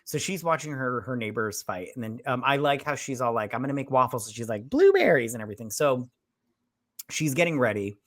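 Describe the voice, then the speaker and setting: A man co-hosting a casual movie review, rambling and crude, slipping into quick voices for the characters. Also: medium pitch, a bit bright. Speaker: podcast co-host.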